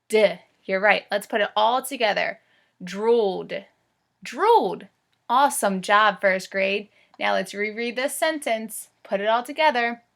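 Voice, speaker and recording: A woman teaching first graders to read, slowly sounding out words in a coaxing voice. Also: medium pitch, vocal fry, a bit bright. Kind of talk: phonics read-aloud lesson.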